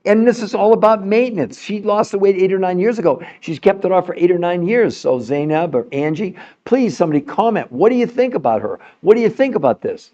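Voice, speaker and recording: A man's voice: sits high, lively intonation, fairly quick, few pauses, dark tone. Insistent man with a strained voice. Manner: emphatic, insistent, repeats words. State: straining his voice. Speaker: podcast host. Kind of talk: impassioned livestream talk to viewers. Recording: dull lo-fi sound.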